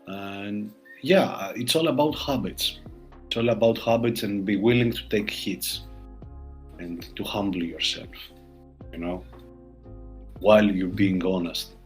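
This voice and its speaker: Greek man, low voice, animated podcast guest, soft music bed. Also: a little slow, long pauses. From Greece. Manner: animated, mocks his inner critic in a higher voice. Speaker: surgeon. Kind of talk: casual podcast conversation.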